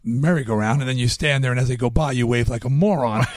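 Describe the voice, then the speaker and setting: A man being interviewed as a guest musician, telling stories in a lively way and acting out what people said. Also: mid-range voice, fast talker, noisy background. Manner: animated storyteller acting out quotes. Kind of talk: casual interview storytelling.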